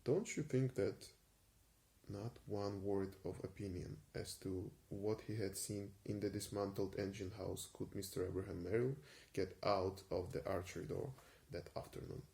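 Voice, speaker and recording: A man giving an unhurried ASMR reading of a vintage story, with frequent small hesitations. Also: deep voice, flat delivery, gravelly, darkish tone. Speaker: reader.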